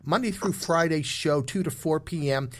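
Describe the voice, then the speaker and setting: A man's voice: fairly high pitch, normal speed. A man hosting an oldies radio show, chatting casually with a guest and plugging the program.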